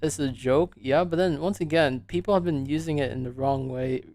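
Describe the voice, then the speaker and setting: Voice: medium pitch, moderate pace, a little mellow. A podcast host in casual chat, reflective, thinking aloud with many fillers.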